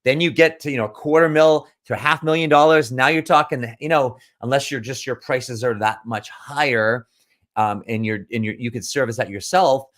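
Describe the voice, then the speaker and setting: Brief: a man at a mid-range pitch, speaking as a business coach in a casual talk, rambling and emphatic with frequent restarts. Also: normal speed, fairly bright tone. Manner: rambling, with many restarts and repeated words; emphatic and earnest. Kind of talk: casual storytelling monologue.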